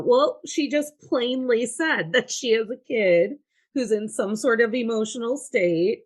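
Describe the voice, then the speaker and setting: A woman's voice: fairly high pitch, lively intonation, a little slow. A woman hosting a podcast, reacting to her guest with blunt, dry comments in casual chat. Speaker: podcast host.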